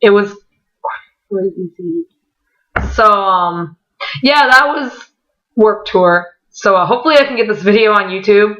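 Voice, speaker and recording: A woman vlogger telling a story casually, excitable and full of swearing as she acts out what people said. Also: medium pitch, a little slow, pauses often. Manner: excitable, profanity-laden, quoting voices. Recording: dull lo-fi recording.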